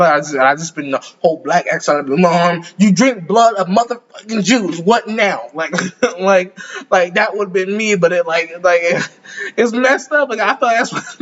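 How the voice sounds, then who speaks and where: A man with a fairly high voice gives loose, rambling reaction commentary full of slang and swearing. His mic sounds dull and lo-fi, with the top end missing. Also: a bit bright. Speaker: reaction video host.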